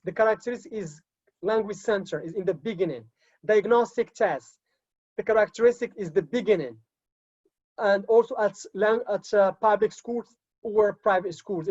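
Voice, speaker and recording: A woman at a middle pitch teaches an online class as a teacher trainer. She repeats key terms and keeps checking in with okay. The audio is slightly dull and lo-fi. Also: a little mellow. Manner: repeats key words, checks in with frequent okays.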